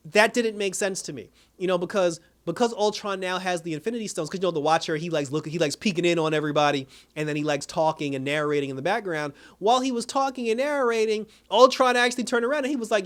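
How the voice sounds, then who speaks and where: A young man casually recapping a TV episode, talking in loose slang and acting out characters' lines in quick impressions. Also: sits high, fairly bright tone. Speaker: video reviewer.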